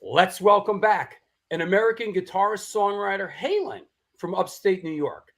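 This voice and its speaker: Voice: mid-range voice, expressive, normal speed, a bit bright. Joking live-show host. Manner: joking, playful banter. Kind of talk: casual chat.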